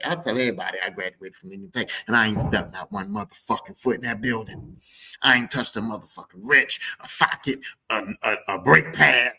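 A man hosting a podcast, telling a profane, animated story in a casual monologue and slipping into other people's voices. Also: a little high, husky, poor audio. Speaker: podcast host.

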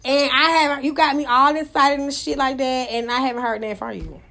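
A young woman hosts a live audio room, fussing and cussing at her listeners in a loud, animated way. Her voice sits high, and she pushes it up even further when she gets worked up. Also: a little fast, vocal fry, a little hiss or hum. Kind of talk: casual live-stream chat.

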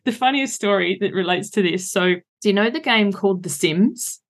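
A middle-aged woman, an author and coach, talking as a guest in a casual interview with a direct, animated storytelling manner. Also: medium pitch, normal speed.

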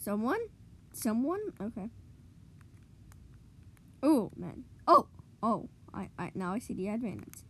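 A woman giving excitable live commentary on her own gameplay, cheering goals and groaning at misplays. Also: mid-range voice, unhurried, long pauses, husky. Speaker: gamer streamer.

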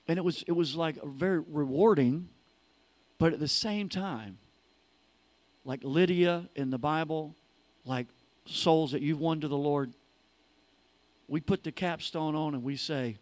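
A man, a pastor telling a story in an animated, folksy sermon. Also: a little high, unhurried, long pauses, dry recording.

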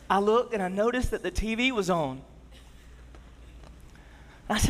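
At a normal speed with long pauses, a male pastor in his thirties delivers a sermon built around storytelling, his pitch sitting high for a man. He alternates forceful emphasis with quiet, low moments, and the long reverb of a big hall colors the sound.

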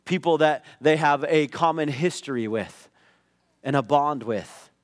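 A middle-aged man preaching a sermon, telling a personal story in a conversational way that rises into loud acted outbursts. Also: on the high side, measured pace, no echo, clean studio sound. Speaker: pastor.

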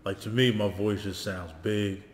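A man with a deep, booming voice, co-hosting a casual podcast chat and telling stories in a laid-back, profane way. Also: fairly even intonation, normal speed. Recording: echoey room, long reverb, faint noise.

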